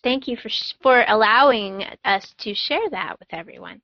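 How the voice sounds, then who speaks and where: A woman's voice: a little high, expressive, moderate pace, no room sound, highs cut off. A woman hosting a podcast in casual chat, playful and enthusiastic. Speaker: podcast host.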